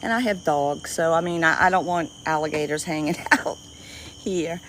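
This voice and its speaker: A woman with a Cajun accent and a squeaky voice, chatting casually with viewers on a livestream from an outdoor dock at night. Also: normal speed, fairly bright tone, a little hiss or hum, low-quality recording. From Louisiana. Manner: chatty, greets viewers by name, easily delighted. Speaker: livestream host. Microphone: phone livestream.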